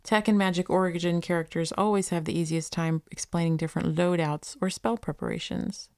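A woman's voice: fairly low pitch, fairly even intonation, a little fast, a little mellow, dry recording. A woman hosting a gaming podcast, reading interview articles aloud and chatting casually between them. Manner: reads quotes evenly, chats casually between them. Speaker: podcast host.

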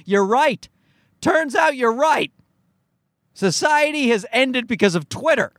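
A man's voice: very high voice, animated, unhurried, a bit bright, no echo, studio quality. A man hosting a solo podcast, ranting in an exasperated, profane and rambling way. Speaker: podcast host. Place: recorded at home at night.

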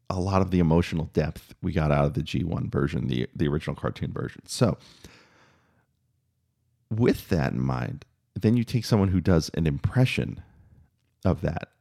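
A man with a very low, gravelly voice talks through a review. He is opinionated but measured, and he pauses often on fillers and restarts his sentences. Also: darkish tone. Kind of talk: spoken review monologue.

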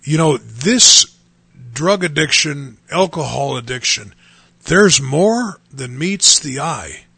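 A man's voice: on the high side, lively intonation, takes it slowly, vocal fry, pushed and bright, husky, no room sound. A man in his fifties, a pastor and radio host, preaching a testimony in an earnest, emphatic way, repeating phrases for stress. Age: 50s.

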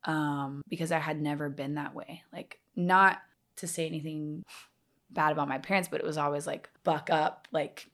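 A woman's voice: low voice, steady tone, normal speed, fairly bright tone. A young woman, a yoga trainer, telling her story candidly as a podcast guest, rambling with lots of fillers. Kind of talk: casual interview storytelling.

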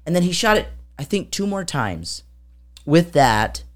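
A woman's voice: sits low, sing-song, a little slow. A woman co-hosting a casual chat, telling a long story with lots of fillers and acted-out sounds. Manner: rambling with many fillers, acts out sounds. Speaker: podcast co-host.

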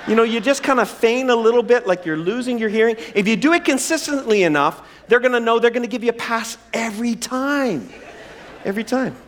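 A man's voice: very high voice, expressive, brisk, slight background noise. A man in his forties preaching a sermon, conversational and humorous with self-deprecating asides. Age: 40s. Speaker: pastor.

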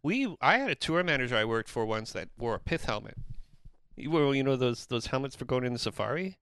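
A man telling road stories in casual chat, acting out shouted voices. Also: medium pitch, a little fast, clear, resonant tone, dry recording. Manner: animated storyteller, acts out shouting voices.

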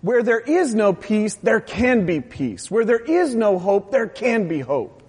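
A man with a high, slightly husky voice delivers a sermon with real passion, his pitch leaping as he urges the congregation on. The sound carries a long reverb, like a church hall. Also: unhurried. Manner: animated, impassioned preaching, then soft prayer. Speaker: pastor.

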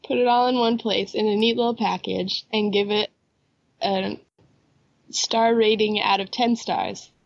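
A woman's voice: mid-range voice, fairly even intonation, a little slow, vocal fry, lo-fi sound. A woman co-hosting a podcast in casual chat, upbeat and eager, with a head cold that makes her voice nasal. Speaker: podcast co-host.

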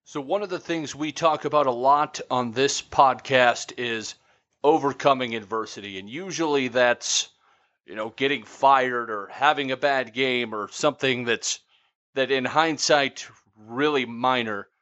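A man hosting a podcast, asking a guest a careful, gentle question. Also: medium pitch, a little slow. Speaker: podcast host. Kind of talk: podcast interview. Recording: dull lo-fi audio.

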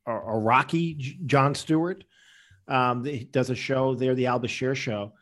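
A man's voice: medium pitch, a little slow, a bit bright. A man answering interview questions with rambling anecdotes, acting out the people he quotes. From Canada. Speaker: interview guest, comedian.

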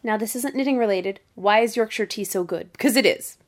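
A woman's voice: mid-range voice, brisk. A woman hosting a casual interview, bubbly and teasing, laughing often. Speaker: podcast host.

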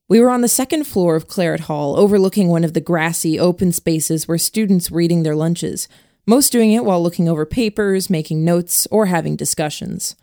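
A woman reading a novel aloud as narrator in a steady first-person storytelling voice. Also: on the low side, no echo, studio quality. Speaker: audiobook narrator. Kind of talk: scripted narration.

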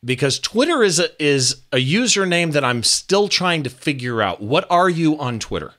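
Bright-toned male podcast host. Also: on the high side, big pitch swings, normal speed. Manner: upbeat, direct, addresses listeners. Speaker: interview host. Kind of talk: podcast interview hosting.

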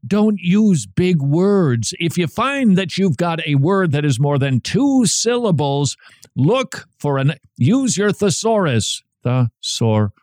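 A man hosting a talk radio show, speaking emphatically and sarcastically, with sudden jumps up in pitch for stress. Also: big pitch swings, slow pace, darkish tone, dry recording, studio quality. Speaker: radio host.

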